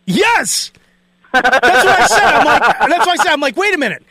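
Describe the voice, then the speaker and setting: A man tells a story on his radio show, playing out the voices of the people in it. His voice sits high, and the studio sound is dry and close. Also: normal speed, dry recording. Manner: animated, mimics people in quotes. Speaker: radio host. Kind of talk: casual storytelling chat.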